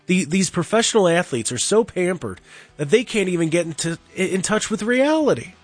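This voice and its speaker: Animated, opinionated sports radio man. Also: high voice, moderate pace, no echo, soft background music. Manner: animated, mocking impressions, frequent restarts.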